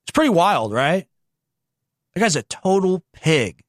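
A man's voice: sits high, big pitch swings, unhurried, no echo, studio quality. A man hosting a commentary show who reacts to video clips and reads quotes aloud. He sounds sarcastic and indignant and often talks over the clips.

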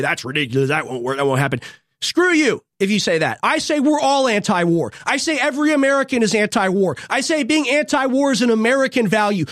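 A young show host giving a fervent, preachy political monologue with rallying repeated lines and big swings in pitch and loudness, in a studio. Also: dry recording. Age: young adult.

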